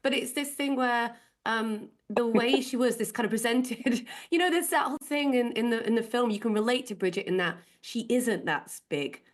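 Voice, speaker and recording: A woman's voice: a little high, moderate pace. A woman from Britain, a film critic guest chatting casually on a pop-culture panel, with laughing asides.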